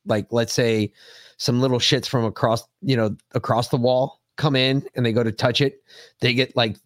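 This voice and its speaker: A man's voice: medium pitch, fairly even intonation, normal speed, no echo, studio quality. Swearing, rambling male podcast host. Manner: profane, rambling storyteller. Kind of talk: casual chat.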